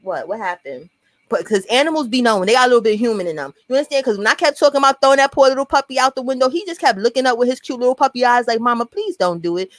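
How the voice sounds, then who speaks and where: Animated New York woman telling a story. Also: on the high side, rapid-fire, dry recording. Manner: profane, animated, acts out quotes. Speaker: storyteller vlogger. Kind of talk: casual storytime monologue.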